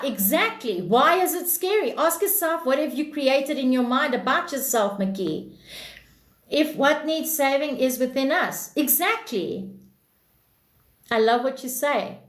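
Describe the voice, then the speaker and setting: Woman, high voice, blunt and preachy self-help livestream talk, swears freely, echoey room. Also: a bit bright. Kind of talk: livestream talk reading comments.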